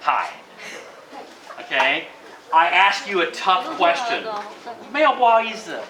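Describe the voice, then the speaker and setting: A man teaching English to a class in an animated way, mixing in Chinese to explain phrases. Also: high voice, measured pace, a crowd in the background. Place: school classroom with students. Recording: echoey room, distant mic, class noise.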